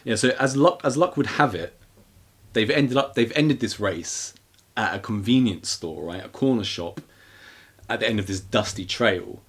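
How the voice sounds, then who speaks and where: A man co-hosting a podcast, casually recapping a horror film in a rambling, animated way with acted-out quotes. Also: fairly low pitch, normal speed, breathy edge. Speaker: podcast co-host. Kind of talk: casual movie recap chat.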